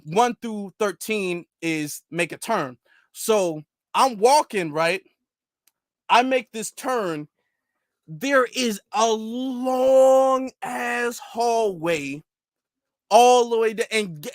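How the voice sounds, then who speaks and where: Young male vlogger with a high voice, animated casual storyteller, close dry mic. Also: no echo. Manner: animated, laughing, loose slang.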